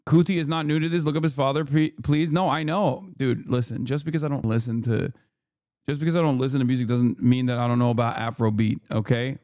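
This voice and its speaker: A man streaming casual commentary, sarcastic and profane, talking in rapid bursts into a studio microphone. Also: mid-range voice, steady tone, a little mellow, no room sound. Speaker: streamer reacting to news clips.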